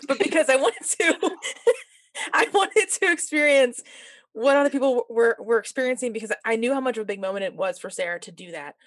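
A woman's voice: mid-range voice, no echo. Podcast host lady, nurse, chatty and giggly, jokes around, dry close sound. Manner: chatty and giggly, quick jokey asides. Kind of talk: casual podcast conversation.

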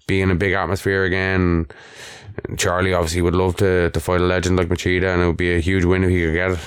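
Deep, smooth co-host. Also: male voice, monotone, no echo, studio quality. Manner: measured, hesitant, many fillers. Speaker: podcast co-host. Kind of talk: casual chat.

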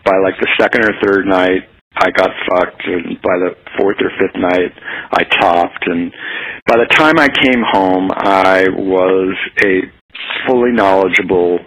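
An American man telling a frank personal story as a guest, animated and laughing often. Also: deep voice, a little slow, rough recording. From United States. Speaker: guest, activist. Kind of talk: candid storytelling in conversation.

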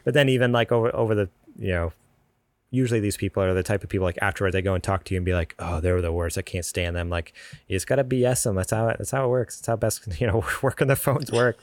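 A man's voice: lowish voice, quick pace, no room sound. A man co-hosting a podcast from his garage, talking in a loose, joking way full of fillers. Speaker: podcast co-host. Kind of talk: casual podcast chat. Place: home garage with the door open.

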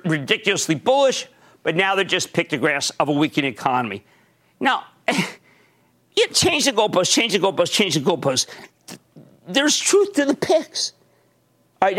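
An older man hosting a market show, delivering theatrical stock commentary, swinging from shouts to low asides. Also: very animated, moderate pace.

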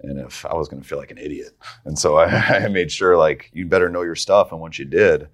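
A man's voice: extremely low pitch, brisk. A man who is a head coach, guesting on a podcast and telling stories casually, often restarting his sentences and laughing as he talks. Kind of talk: casual storytelling.

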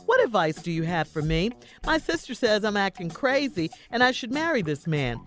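Brief: woman, radio advice host, congested, firm and direct, lively pitch, faint music. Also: moderate pace. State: slightly congested. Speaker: radio co-host reading and answering letters.

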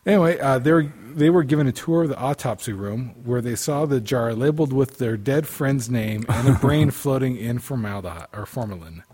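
A husky-voiced man co-hosting a casual podcast. He reads odd news headlines aloud, stumbling and restarting often, and chuckles at the stories. His voice sits in an ordinary middle register. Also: medium pitch, a little mellow. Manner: halting, many restarts, laughs at stories. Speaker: podcast co-host.

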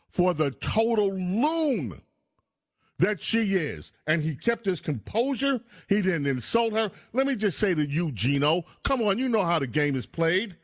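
A man's voice: sits high, no echo. A man hosting a call-in radio talk show, emphatic and insistent, cutting in by repeating the caller's name from a studio mic. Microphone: studio microphone.

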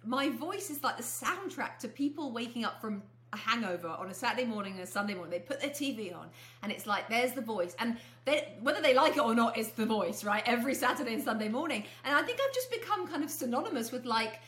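A woman's voice: fairly high pitch, fast talker, hardly any pauses. Upbeat English woman, roomy sound. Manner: lively, enthusiastic, laughs often. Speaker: guest sports broadcaster. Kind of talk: casual podcast chat. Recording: roomy echo.

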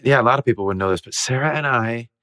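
A man in his forties, a guest on an interview show, telling stories in a lively way and laughing often. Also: medium pitch, quick pace, no echo. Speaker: guest actor. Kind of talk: casual interview storytelling.

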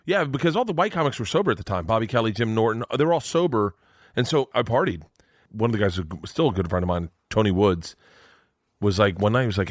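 A male stand-up comedian telling a story as a podcast guest, animated and profane. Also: lowish voice, fast, no room sound, clean studio sound. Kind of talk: comic storytelling.

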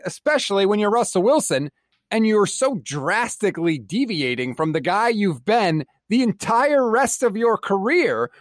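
A man's voice: high voice, fairly bright tone, dry recording, clean studio sound. A man co-hosting a casual sports podcast, fired up and ranting with swearing. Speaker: podcast co-host.

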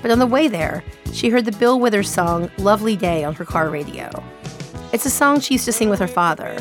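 A woman hosting a radio program, reading scripted narration in a calm, measured way. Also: medium pitch. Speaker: radio show host. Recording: radio studio voice over music and crowd.

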